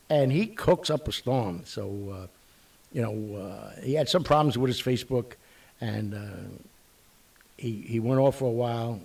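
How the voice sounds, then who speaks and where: A man's voice: mid-range voice, creaky, breathy edge, distant mic. A man hosting his online show, rambling bluntly with mild curses. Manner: animated, blunt, mildly profane, rambling. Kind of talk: casual rambling monologue.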